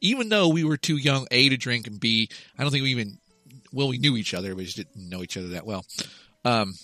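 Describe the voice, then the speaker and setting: A man in his thirties tells a long, meandering comic story with plenty of swearing. His voice is bright and forceful. The sound is dry and close, with almost no room sound. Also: mid-range voice, expressive, a little fast, no echo, soft background music. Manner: rambling storyteller, swears freely. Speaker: podcast co-host. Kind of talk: casual comedic chat.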